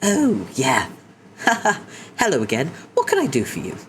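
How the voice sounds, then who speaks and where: Male reader voicing a sweet, polite teen boy, pitched well up. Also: huge pitch swings, a little slow, slight background noise, exaggerated voice. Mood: eager. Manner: high, bright and eager. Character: polite cheerful teenage boy.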